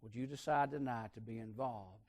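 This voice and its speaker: A man preaching a sermon, telling a folksy story and swinging between hushed and loud emphasis. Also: medium pitch, normal speed.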